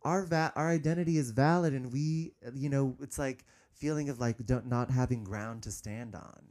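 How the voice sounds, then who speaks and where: A man speaking candidly as an interview guest, hesitant, with many restarts, and turning animated as he goes. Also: medium pitch, moderate pace. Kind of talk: candid personal conversation.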